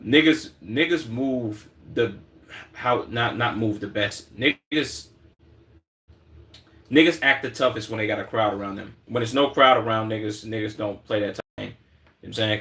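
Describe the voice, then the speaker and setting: A man's voice: on the low side, steady tone, moderate pace, sharp tone, recorded from a distance. A man from Chicago giving blunt, profane live reaction commentary as a streamer, repeating words as he talks.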